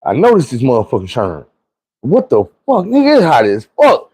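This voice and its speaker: A man telling a long, profane, slang-heavy story from his youth in a lively, animated way. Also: medium pitch, moderate pace, slightly rough, dry recording. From Arkansas. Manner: animated, slangy, acts out quoted friends.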